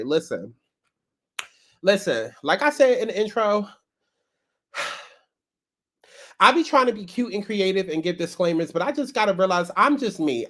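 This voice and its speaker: A sassy woman hosting her own commentary channel, with a voice in the middle of the usual range. She talks straight to her viewers, blunt and unfiltered, and keeps calling them baby and child. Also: medium pitch. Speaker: commentary YouTuber. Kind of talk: casual commentary.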